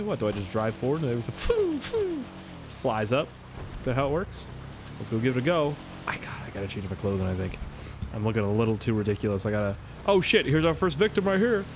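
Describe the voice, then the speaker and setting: A man's voice: mid-range voice, huge pitch swings, fast, background noise. A young Canadian man with a Canadian accent giving rambling, joking gameplay commentary and swearing often. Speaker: gaming YouTuber.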